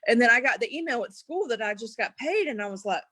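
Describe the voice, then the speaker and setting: A woman's voice: on the high side, fast, no echo. A young adult woman, a guest in an interview, telling her story casually and acting out what people said, laughing often. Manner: animated, acts out quotes, laughs often.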